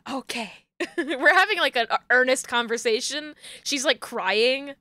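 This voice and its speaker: Giggly, high-voiced woman streamer. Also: lively intonation, unhurried, pushed and bright, dry recording. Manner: giggly, playful, crude joking. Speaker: game streamer. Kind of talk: casual game playthrough.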